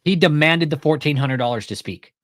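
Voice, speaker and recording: A man's voice: on the high side, fairly quick, no room sound, clean studio sound. A man hosting a casual commentary show, swearing freely and retelling a phone call by acting out both sides of the dialogue. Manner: profane, retells phone calls with quoted dialogue. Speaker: commentary channel host.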